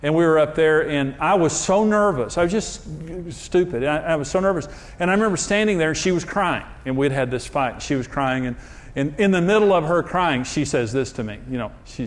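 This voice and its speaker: A man's voice: a little high, normal speed. Joking self-deprecating preacher man. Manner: self-deprecating, jokey, animated storyteller. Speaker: pastor. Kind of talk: humorous sermon storytelling.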